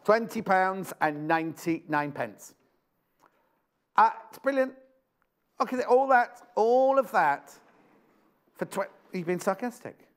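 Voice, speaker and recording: A man's voice: high-pitched, animated, slow, pauses often, smooth. A British man presenting a live TV shopping show, chatty and exclamatory, repeating prices and phrases. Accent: British English.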